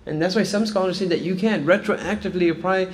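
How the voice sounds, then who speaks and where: A man teaches Islamic studies in a casual, conversational lecture, leaning on frequent "right?" check-ins and "like" fillers. His voice is high-pitched and fast, with a big-room sound.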